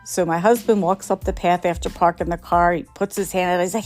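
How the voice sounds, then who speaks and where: Over soft background music, a middle-aged storyteller host shares funny tales of her own mistakes, her lowish, darkish voice steady and brisk with few pauses. She laughs at herself frequently and performs the quoted voices of the people in her stories.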